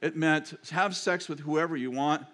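A man's voice: a little high, normal speed, a bit bright. An older man, a pastor and grandfather, preaching a sermon in a chatty, digressive storytelling manner.

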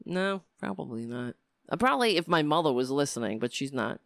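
Animated, profane livestream ranter. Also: mid-range voice, fairly quick, vocal fry, no room sound, studio quality. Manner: heated, profane political ranting. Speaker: livestream host. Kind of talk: casual livestream talk.

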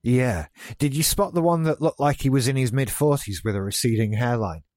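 A man's voice: medium pitch, brisk, a little mellow, no echo, clean studio sound. A British man co-hosting a podcast, chatting casually and with strong opinions about a TV episode. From Britain. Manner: chatty and opinionated, with frequent asides. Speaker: podcast co-host. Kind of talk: casual chat reviewing a TV episode.

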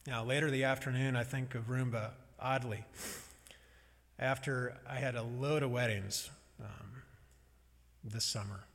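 A male pastor delivers his sermon in a conversational, wry and reflective manner. His voice sits at a middle pitch, and a long hall reverb trails each phrase. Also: fairly even intonation, unhurried, creaky, a bit bright.

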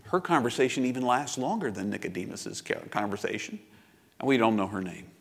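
A man's voice: mid-range voice, fairly quick, vocal fry, slightly rough. A man in his fifties preaching a sermon as pastor, reflective and confessional, with personal asides.

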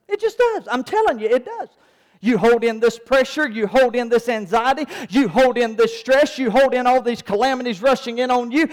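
A man preaching a sermon, asking his congregation rhetorical questions. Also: very high voice. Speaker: pastor. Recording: long hall reverb.

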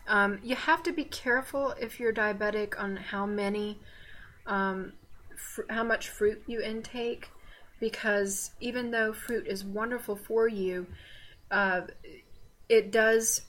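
A woman's voice: medium pitch, fairly even intonation, slow, a bit bright. Chatty Southern woman. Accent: Southern American. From Southern United States. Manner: chatty and digressive, with teasing asides and laughter. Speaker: podcast co-host. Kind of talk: casual faith podcast chat.

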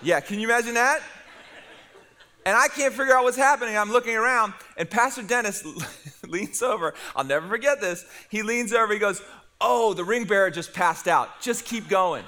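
A middle-aged man preaching to his congregation, telling a funny story with energy. His voice sits high and rings out bright and forceful. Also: moderate pace. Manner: animated storytelling with humor. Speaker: pastor. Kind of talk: sermon.

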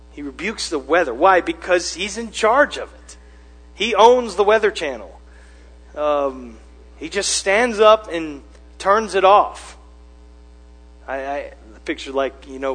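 A male pastor preaching a sermon, conversational at first and then building to loud, emphatic repetition. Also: fairly high pitch, husky. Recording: long hall reverb with mains hum.

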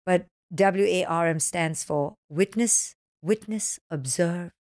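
A woman being interviewed as a parenting author, with a fairly low voice. She talks animatedly and slips into children's voices when quoting them. The recording is dry and close. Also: slow, a little mellow, dry recording. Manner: explains with acronyms. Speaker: parenting author, podcast guest. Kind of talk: podcast interview.

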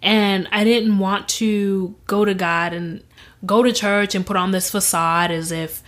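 A young woman as an interview guest, telling a personal story in an animated way and acting out what others said. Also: medium pitch, measured pace. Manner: animated, acts out quoted voices, laughs often.

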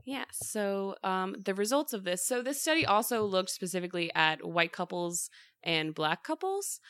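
A woman's voice: medium pitch, lively intonation, moderate pace, a bit bright, no echo. A woman hosting a casual chat about a study, talking in a chatty way with many fillers.

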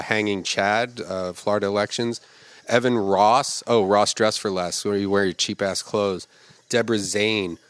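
A man hosting a comedy podcast, roasting names from film credits with crude, profane insults. He reads each name slowly, then fires off the joke quickly. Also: fairly low pitch, a bit bright, dry recording. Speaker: podcast host.

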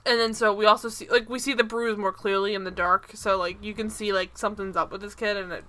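Her mid-range voice holds a steady tone but comes out quick, pushed, and bright. As one of the hosts of a laid-back podcast, she rambles through an episode recap, saying "like" constantly and laughing while reenacting moments.

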